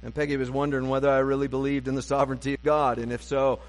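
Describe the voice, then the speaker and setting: A man's voice: mid-range voice, little pitch movement, rapid-fire. A pastor preaching a sermon to his congregation, conversational and self-deprecating with wry humor, recorded in a church sanctuary. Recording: long reverb of a church sanctuary.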